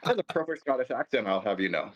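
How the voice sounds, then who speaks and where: A middle-aged man, a podcast guest in casual chat, telling a story in halting, self-deprecating starts and restarts. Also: mid-range voice, very animated, low-quality recording.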